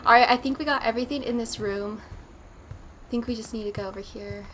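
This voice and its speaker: A woman's voice: fairly high pitch, steady tone, quick pace, fairly bright tone, a little hiss or hum. A woman hosting a horror game let's play, chatty and nervous, talking to herself as she explores. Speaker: gaming channel host.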